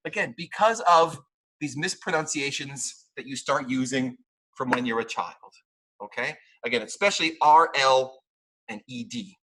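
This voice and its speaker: A husky-voiced man gives a classroom lecture on English pronunciation, his tone bright and edgy. He swings his pitch all over as he teaches, playful and animated. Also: normal speed. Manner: lively, playful, mimics mistakes and laughs often.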